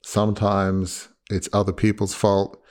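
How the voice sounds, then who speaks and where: A man's voice: on the low side, monotone, a little slow. A man hosting a podcast interview, talking in an earnest, emphatic way and repeating his key points. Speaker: podcast host. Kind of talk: conversational interview.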